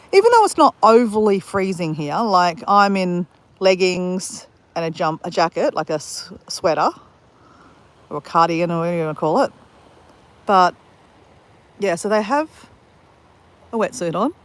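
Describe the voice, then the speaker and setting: An Australian woman vlogging live outdoors at a beach at dawn, chatting in a rambling, fast-talking way with lots of restarts. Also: mid-range voice. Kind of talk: live-stream chat on a beach walk.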